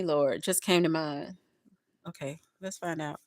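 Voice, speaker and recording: A woman's voice: low voice, measured pace, background noise. Chatty woman giving a tarot reading. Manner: chatty and expressive, addressing spirit and viewers; playful, laughs often. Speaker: tarot reader. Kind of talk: casual collective tarot reading.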